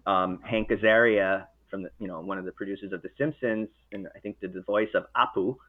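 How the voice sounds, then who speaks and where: A man's voice: low-pitched, steady tone, brisk. A man chatting casually as host, rambling with many restarts and self-corrections. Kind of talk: casual chat. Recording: narrow phone-like sound.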